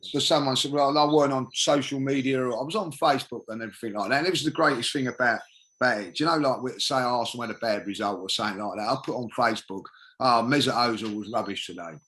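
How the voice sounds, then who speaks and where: A man's voice: mid-range voice, fast talker, fairly bright tone. A man, a podcast guest telling a long anecdote in a casual, rambling way, full of fillers like "you know what I mean". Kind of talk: casual storytelling.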